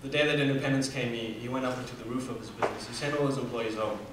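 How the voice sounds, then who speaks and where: A man's voice: mid-range voice, fairly even intonation, very fast, noisy background. A young man from Namibia telling a personal story as a student speaker, earnest, with fillers and restarts. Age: 20s. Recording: echoey hall from far off.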